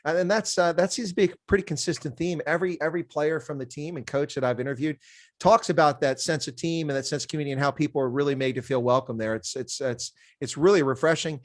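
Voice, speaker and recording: Middle-aged American host, talks quickly, dry close sound, jokey and rambling. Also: male voice, on the high side, no room sound. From United States. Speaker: interview host. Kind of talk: casual interview chat.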